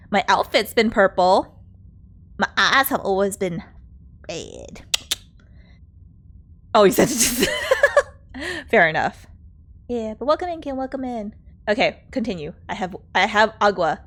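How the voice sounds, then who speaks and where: A woman's voice: medium pitch, big pitch swings, moderate pace, a bit bright. A woman streaming a game, chatting casually with viewers, giggling often. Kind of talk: casual live-stream chat.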